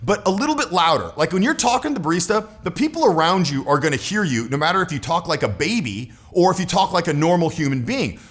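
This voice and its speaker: A man in his forties giving casual coaching talk straight to the viewer, animated and emphatic. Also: a little high, quick pace, few pauses. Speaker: social skills coach.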